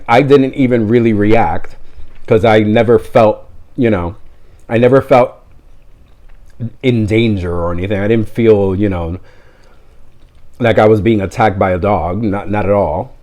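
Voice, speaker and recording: A man's voice: lowish voice, darkish tone. A man telling a story in a casual vlog, rambling and breaking off into tangents he apologizes for. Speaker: vlogger.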